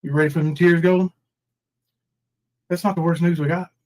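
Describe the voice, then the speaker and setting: A forties-aged man hosts a casual livestream in a voice on the high side, with fairly even intonation and a darkish tone, speaking a little fast. In a rough recording, he rambles over his troubles, names viewers from the chat, and does mock crying.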